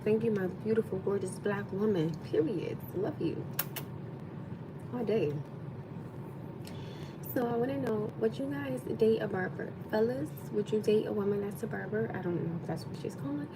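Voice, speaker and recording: A woman in her thirties hosts a casual livestream, rambling, chatting with viewers and thanking them along the way. Her voice is mid-range at a normal speed, with background noise present.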